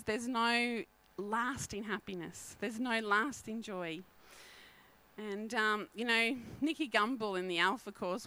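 An animated middle-aged woman, preaching a sermon and telling stories with frequent laughter. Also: mid-range voice, low-quality recording. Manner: animated, laughing often, storytelling.

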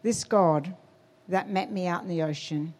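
A woman giving a sermon testimony, telling her story with animated quotes and emphasis. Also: on the low side, measured pace. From Australia.

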